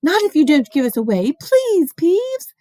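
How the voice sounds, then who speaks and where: Breathless, urgent boy wizard, read by a woman; slightly higher than her own voice. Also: sing-song, unhurried, warm tone. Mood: pleading.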